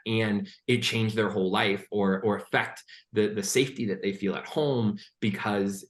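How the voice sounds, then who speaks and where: A man's voice: on the low side, steady tone, normal speed, hardly any pauses. A man speaking earnestly on a conference panel about youth and art, with many fillers and restarts. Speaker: panelist, poet and youth arts worker. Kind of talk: panel discussion.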